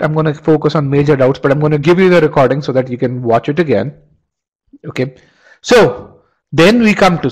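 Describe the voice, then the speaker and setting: A man with a fairly high voice teaches a live online test-prep webinar, working through an argument step by step and firing questions at students. When he restarts a phrase he trips over repeated words, and the audio is poor.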